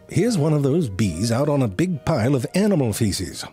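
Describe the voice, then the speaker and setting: Man narrating nature comedy with lively pitch. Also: normal speed, music in the background. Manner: wry, deadpan asides.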